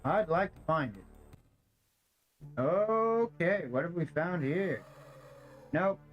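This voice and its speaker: The audio is lo-fi, and the man's voice is fairly high with lively intonation at a slow pace. He's a streamer doing casual gameplay commentary, overheated in a stuffy apartment, swearing often and ranting in exasperation over faint game music.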